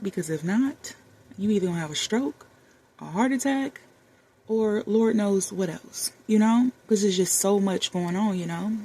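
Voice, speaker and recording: Her mid-range voice has a dark tone and a breathy edge as this thirty-something vlogger talks at a moderate pace. Sitting in a warm room with the AC running, she addresses the camera candidly and warmly, using y'all and baby for her viewers.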